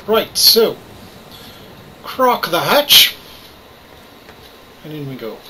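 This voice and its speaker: Canadian gamer faking an Irish lilt, bright, tense tone, self-mocking play-by-play. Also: male voice, fairly high pitch, big pitch swings, very slow, rough recording. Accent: put-on Irish. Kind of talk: gameplay commentary.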